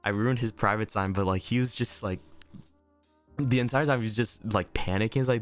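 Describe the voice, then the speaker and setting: A young man telling a story in a casual vlog, laughing often, swearing freely and talking with animated energy. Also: on the low side, moderate pace, long pauses, soft background music. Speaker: vlogger. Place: inn room indoors.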